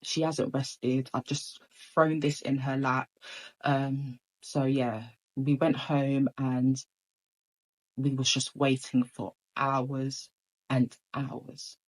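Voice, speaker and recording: A woman's voice: a bass voice, level tone, slow pace, poor audio. A woman telling a personal story in a casual storytime monologue, rambling with many ums and restarts.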